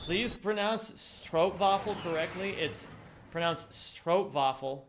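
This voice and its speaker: A man's voice: on the high side, sing-song, moderate pace, noisy background. Giggly young man streaming a game. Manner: joking, giggly, rambling. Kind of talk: casual chat while speedrunning a game. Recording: game music behind.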